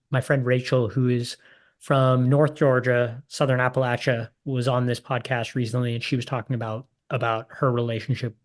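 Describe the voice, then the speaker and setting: A man hosts a podcast in a mid-pitched, even voice. He speaks thoughtfully and hesitantly, restarting his sentences as he works through an idea. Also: normal speed. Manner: thoughtful, hesitant, repeats words. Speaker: podcast host, ghostwriter. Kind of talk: casual interview conversation.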